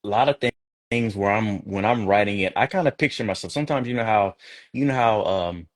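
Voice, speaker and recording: A man with a low voice talks as a guest poet in a relaxed interview. He thinks aloud, restarting phrases as he explains his craft. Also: a little fast. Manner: reflective, many restarts, conversational. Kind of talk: casual interview talk.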